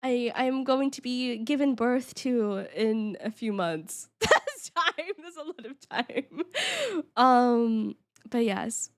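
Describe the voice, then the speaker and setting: A young woman streaming as a VTuber, chatting casually with her viewers in a giggly, excitable way, often restarting and stammering. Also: fairly high pitch, slow. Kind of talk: casual live-stream chat.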